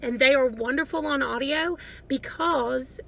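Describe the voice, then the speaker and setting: Book vlogger, woman; high, bright, talks in a rambling, chatty way. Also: measured pace, creaky, low-quality recording. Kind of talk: casual book review chat.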